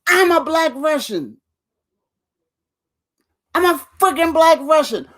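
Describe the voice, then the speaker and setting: A man's voice: very high voice, expressive, slow pace, a bit bright. A man hosting his own video channel, rambling and swearing as he talks straight to viewers and laughs between lines. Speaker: vlog host. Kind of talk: casual rant to camera.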